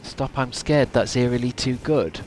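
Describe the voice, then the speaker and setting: A man's voice: medium pitch, measured pace, a little mellow, slight background noise. A man streaming a game, musing aloud in casual, rambling chat with many restarts.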